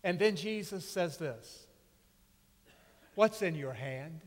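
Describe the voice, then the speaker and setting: Pastor guy, high voice, drawn out emphatic preaching, long church echo. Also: expressive. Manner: slow, emphatic preaching with dramatic pauses. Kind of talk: sermon. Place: church sanctuary. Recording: long reverb of a church hall.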